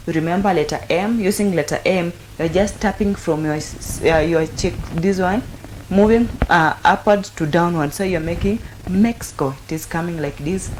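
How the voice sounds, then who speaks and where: A woman's voice: lowish voice, a little mellow, slight background noise. A woman teaching sign language in a patient, repetitive way, with frequent fillers and restarts. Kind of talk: instructional explanation.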